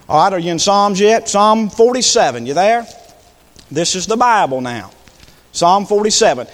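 A man preaching a sermon from the pulpit, swinging from low, quiet talk to high, impassioned shouts. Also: long reverb tail. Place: church sanctuary.

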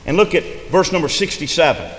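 A man's voice: fairly high pitch, fast, a bit bright. Emphatic preacher man in an echoey hall. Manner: emphatic, rising and falling preaching cadence. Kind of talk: sermon. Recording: echoey hall with long reverb, faint noise.

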